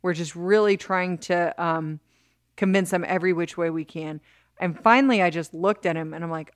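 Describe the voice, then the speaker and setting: A woman as an interview guest, telling a story in an animated way with many restarts and bursts of laughter. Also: lowish voice, moderate pace, dry recording, studio quality. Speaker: interview guest, criminal justice advocate.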